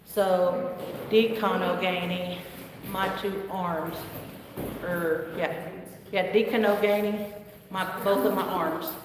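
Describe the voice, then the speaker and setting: Slow, patient woman teacher in echoey room. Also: fairly low pitch, fairly even intonation. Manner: patient, repeats words slowly for drilling. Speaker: language teacher. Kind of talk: live online language lesson. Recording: echoey distant room with noise.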